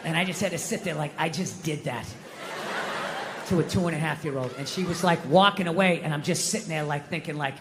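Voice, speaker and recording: A middle-aged man doing profane stand-up storytelling, ranting and bursting into shouts. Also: high voice, brisk. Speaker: stand-up comedian. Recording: live hall reverb, faint noise.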